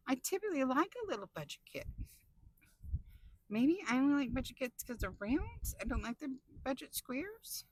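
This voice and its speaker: A woman vlogger chatting excitably while driving her car, laughing often. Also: sits high, normal speed, poor audio. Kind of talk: casual chat while driving.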